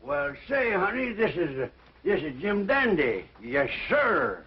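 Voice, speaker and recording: An actor playing a brash, boisterous old cowboy grandfather, talking in a loud, folksy, blustering way, in a dull old film recording. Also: sits high, sing-song, measured pace, husky, heavily acted. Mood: jovial. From Wyoming. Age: older. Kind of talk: 1950s TV drama acting. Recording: dull lo-fi 1950s film sound.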